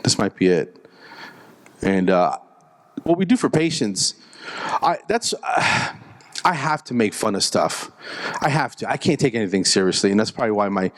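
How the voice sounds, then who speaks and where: A man's voice: lowish voice, moderate pace. A middle-aged man doing stand-up storytelling at a dental event, joking and acting out both sides of the dialogue. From Puerto Rico heritage. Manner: animated, jokes, acts out both sides of dialogue. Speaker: comedian and speaker at a dental event.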